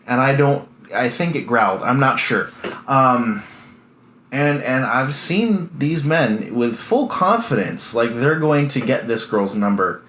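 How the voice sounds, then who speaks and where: A man in his early twenties with a deadpan, self-deprecating way of rambling through a casual comedic monologue. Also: mid-range voice, slow pace. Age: early 20s. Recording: echoey room with faint hiss.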